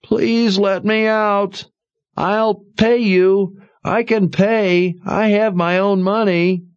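A man narrating an audiobook voices a trapped, weepy man who begs in a high, strained, drawn-out voice. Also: steady tone, clean tone, no echo, muffled recording. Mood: pleading. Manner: pleading, breathless, drawn-out. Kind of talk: audiobook character voice.

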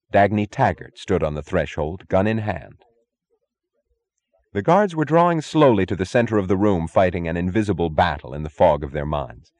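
A man reading a novel aloud as an audiobook narrator, with steady, expressive storytelling. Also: sits low. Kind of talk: scripted narration.

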